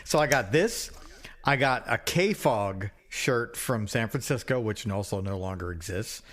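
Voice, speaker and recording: A man's voice: on the low side, expressive, unhurried, a bit bright. A middle-aged man co-hosting a podcast, telling stories in casual chat, swearing freely and repeating himself. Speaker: podcast co-host.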